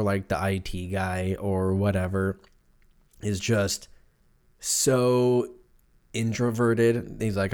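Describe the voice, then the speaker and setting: Sipping a beer while he hosts a solo podcast, a thirtysomething man rambles through casual stories full of profanity and jokes. His pitch is fairly low and his tone darkish.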